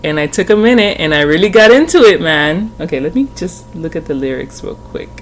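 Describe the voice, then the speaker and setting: A woman's voice: deep voice, lively intonation, brisk, slight background noise. A woman hosting her own tarot channel, talking casually from home in a rambling, chatty way with frequent laughter and the odd swear word. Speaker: tarot reader and channel host.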